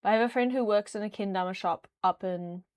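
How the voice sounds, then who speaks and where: A woman's voice: mid-range voice, a little fast, a little mellow, no echo. A young woman chatting casually on a livestream, rambling with lots of fillers. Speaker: streamer.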